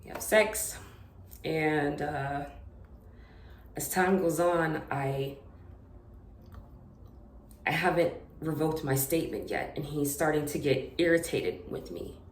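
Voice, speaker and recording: A young woman telling a personal story in an unscripted vlog, halting, with many fillers and restarts. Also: deep voice, roomy sound, slight background noise. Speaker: vlogger.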